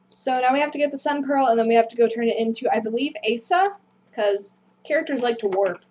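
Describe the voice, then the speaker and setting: A woman's voice: fairly high pitch, fairly quick, darkish tone. A woman hosting a gameplay video, rambling through casual commentary and apologizing self-deprecatingly. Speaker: gaming video host.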